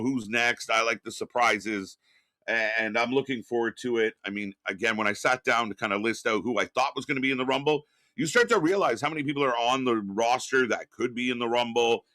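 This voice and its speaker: A man's voice: mid-range voice, a little fast, pushed and bright, no room sound. A middle-aged man hosting a live stream from home, casually chatting, reading viewer messages and greeting people, with lots of fillers and some swearing. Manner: reads chat messages aloud and greets viewers; rambling with frequent fillers and restarts. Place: home studio.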